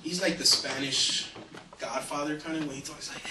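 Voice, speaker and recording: A man doing stand-up, telling a story in an animated way and laughing along with it. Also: fairly high pitch, normal speed, noisy background. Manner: animated, laughs through his own story. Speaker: stand-up comedian. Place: comedy stage. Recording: distant and echoey live venue recording.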